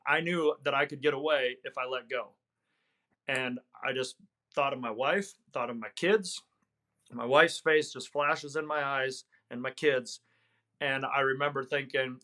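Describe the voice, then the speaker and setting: A man's voice: on the high side, steady tone, moderate pace, pushed and bright. A middle-aged man, a hunting guide, telling a story in conversation, earnest and reflective, with some fillers and restarts. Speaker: hunting guide, podcast guest.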